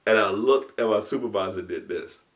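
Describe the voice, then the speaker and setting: A man telling a story in a casual chat. He is animated, often laughs and restarts his sentences. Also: on the low side, a little fast. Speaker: guest storyteller, convention founder.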